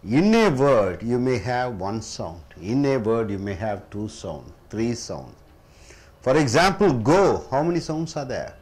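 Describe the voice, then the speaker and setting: A man with an Indian English accent teaching English pronunciation, slowly repeating each word as a drill. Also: medium pitch, sing-song, darkish tone. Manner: slow, repeats words for drill, addresses listeners as sir. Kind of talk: classroom lesson.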